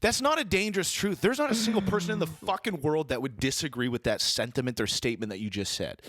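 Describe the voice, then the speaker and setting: A man's voice: fairly high pitch, fast. A man co-hosting a podcast, ranting and swearing in casual chat. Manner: animated, swears a lot, ranting. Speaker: podcast co-host.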